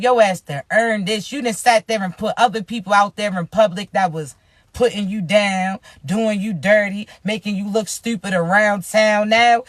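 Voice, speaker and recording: Raspy woman, tarot reader; loud, profane, preachy hype to camera, dry close sound. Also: a little high, dry recording. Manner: profane, emphatic, hyped-up preaching. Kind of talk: casual spiritual reading to camera.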